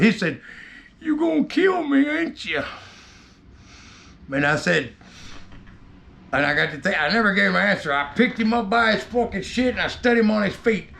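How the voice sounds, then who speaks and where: A man telling a rough story from his own past in casual, rambling talk, heavy with cursing. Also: high-pitched, bright, forceful tone, a little hiss or hum.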